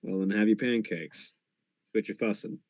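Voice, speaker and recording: A man playing a tabletop game, talking in character in a calm, dry, teasing way. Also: fairly low pitch, moderate pace, no room sound. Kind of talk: in-character role-play chat. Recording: dull lo-fi dry mic.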